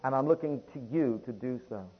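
A man preaches a sermon, reading long scripture passages aloud in King James wording and calling out to his listeners as beloved. His medium-pitched voice is husky and fairly quick, and the highs are cut off.

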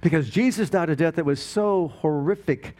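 Pastor, male, middle-aged, slightly higher voice; emphatic sermon delivery, questioning the congregation. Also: normal speed, darkish tone. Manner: emphatic preaching with rhetorical questions.

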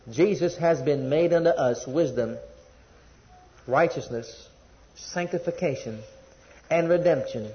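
A man delivers a sermon in a fairly high voice, reading scripture and then pressing his points home with emphatic repetition. He calls on listeners to answer back. The recording is dull and lo-fi. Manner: emphatic, repetitive preaching with call-and-response. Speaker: preacher.

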